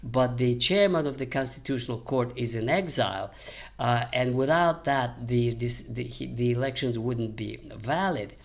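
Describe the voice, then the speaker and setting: An older man, a retired historian, giving unscripted commentary in a measured lecturing manner with frequent hesitations. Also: mid-range voice, gravelly. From American. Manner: measured, many "uh" fillers, lecturing.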